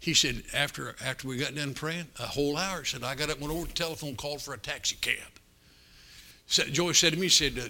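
An older preacher tells stories from the pulpit in a folksy, animated way, now and then bursting out loud. His voice is gravelly with a bright, cutting edge. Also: on the high side, fast talker. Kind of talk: storytelling sermon.

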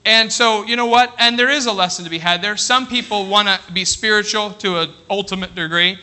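A high-voiced man preaches a sermon to his congregation. His tone is very bright and forceful. He keeps checking with the room, asking if they are ready, and drops to a slower, quieter voice when he reads scripture. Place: church congregation.

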